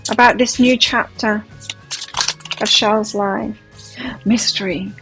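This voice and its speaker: A woman's voice: medium pitch, fairly even intonation, slow pace, low-quality recording. A woman giving a pick-a-card tarot reading in a gushing, emotive, chatty way. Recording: faint music behind. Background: soft background music.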